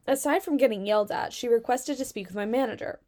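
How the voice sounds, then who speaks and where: A woman's voice: fairly high pitch, fast, warm tone. A woman from Southern Virginia with a Southern American accent, reading out customer stories and reacting with sarcastic, chatty commentary and free swearing.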